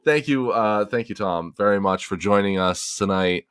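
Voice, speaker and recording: A man's voice: fairly low pitch, moderate pace, a bit bright, clear, resonant tone, no room sound, clean studio sound. A man hosting a casual podcast, rambling easygoing through sponsor segments. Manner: rambling, easygoing, repeats words. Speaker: podcast host. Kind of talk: casual podcast chat, reading sponsor ads.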